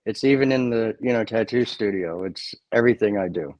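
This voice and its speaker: A man speaks in short, firm, measured statements as an interview guest. His voice sounds dry and close, with little room sound around it. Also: lowish voice, darkish tone, no echo, muffled recording. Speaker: author and music creator, guest. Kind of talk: interview answers.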